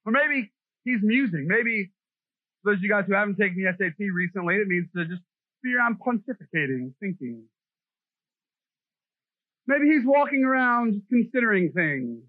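A man's voice: high-pitched, expressive, a little fast, no room sound. A middle-aged man preaching a sermon in a jokey, self-deprecating, conversational way. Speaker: pastor. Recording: dry, tinny phone-like sound.

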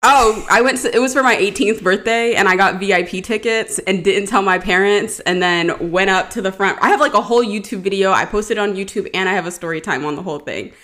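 Animated woman telling a story. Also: mid-range voice, fairly quick, hardly any pauses. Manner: animated storyteller, acts out quoted voices. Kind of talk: casual chat.

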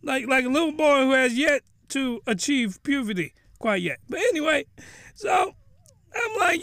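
A man hosting a podcast, giving a comedic recap of a cartoon episode in animated slang and breaking into excited shouts. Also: very high voice, moderate pace, dry recording, studio quality. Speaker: podcast host.

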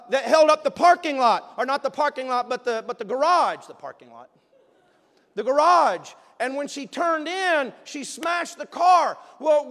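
A male pastor telling a personal story in a sermon, animated and emphatic, sometimes bursting into a shout. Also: very high voice. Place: church sanctuary. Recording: long reverb of a large hall.

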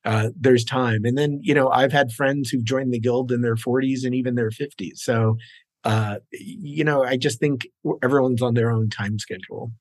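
A man's voice: mid-range voice, steady tone, normal speed, dry recording. A middle-aged man from New Jersey, a screenwriter guest, talking in a genial, self-deprecating way with frequent fillers. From New York, raised in New Jersey. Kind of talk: casual interview.

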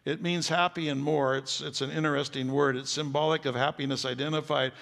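Older pastor guy preaching, gravelly and a bit high, jokey folksy sermon, big echoey hall. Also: fairly even intonation, a little fast. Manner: folksy, jokey preaching that builds to emphatic loud stretches. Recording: long hall reverb.

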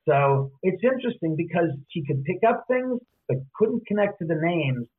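A man's voice: high-pitched, sing-song, moderate pace. A man animatedly recounting a story as a guest, acting out the quoted dialogue and often repeating "I said". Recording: tinny phone line.

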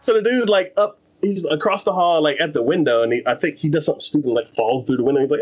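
A man's voice: on the high side, animated, quick pace, hardly any pauses, highs cut off. A man in casual chat, animatedly retelling an anime plot and acting out the characters' lines, with lots of fillers. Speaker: anime podcast co-host.

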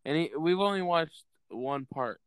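A man's voice: fairly high pitch, animated, unhurried, smooth, no room sound. A young man co-hosting a podcast, chatting casually and crudely, joking and laughing often. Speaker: podcast co-host. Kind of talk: casual chat.

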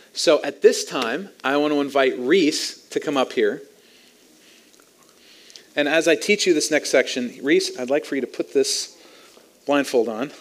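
A man preaching a sermon as pastor, teaching in an animated way with light chuckles. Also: fairly high pitch, normal speed.

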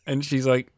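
Man, profane storyteller, lively pitch swings, dry close sound. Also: no echo. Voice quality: animated, swings loud and quiet, profane.

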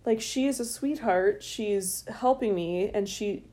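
A middle-aged woman co-hosting a podcast, chatting casually and telling stories with lively acted-out voices. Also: mid-range voice, measured pace. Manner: animated storytelling, acts out voices. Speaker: podcast co-host. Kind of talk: casual chat.

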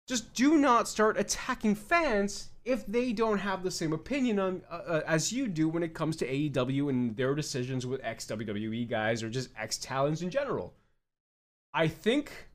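A young man rants on his podcast in a high, lively voice that leaps up and down as he argues. He is blunt and swears freely, firing off short punchy points. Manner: blunt and profane, mocking fans in quoted voices. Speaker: podcast host. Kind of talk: opinionated podcast rant.

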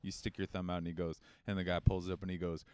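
A man's voice: sits low, little pitch movement, quick pace, darkish tone, clean tone, no echo. A young man co-hosting a podcast in casual comedic chat, joking and slipping into silly voices. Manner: jokey, slips into silly put-on voices. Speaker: podcast co-host.

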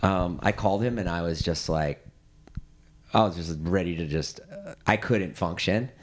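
A man's voice: deep voice, moderate pace. A man chatting casually as a podcast guest, rambling through stories with stammers and restarts. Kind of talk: casual chat.

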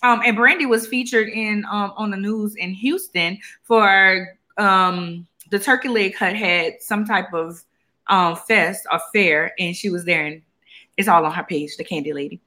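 A woman's voice: mid-range voice, unhurried, bright, forceful tone. Chatty tired-sounding woman host. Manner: chatty, rambling with fillers. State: tired, yawning. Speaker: podcast co-host. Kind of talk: casual chat.

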